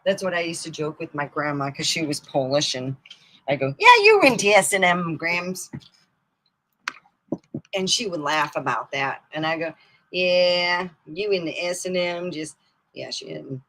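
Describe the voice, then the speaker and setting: A middle-aged woman from Michigan telling rambling comic stories, swinging between loud outbursts and mutters and laughing at her own jokes. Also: low voice, normal speed, slight background noise, low-quality recording. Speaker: comedy storyteller. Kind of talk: casual comic storytelling.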